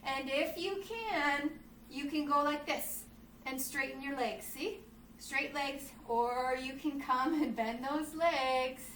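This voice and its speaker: A young woman reads a picture book aloud and guides children through yoga poses, calling them friends and cheering them on. Her voice sits high. She is heard from across an echoey room with faint background hum. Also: takes it slowly. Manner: encouraging, addresses kids as friends, acts out the story's shouts. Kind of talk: reading a storybook aloud while leading kids' yoga. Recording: echoey room from some distance.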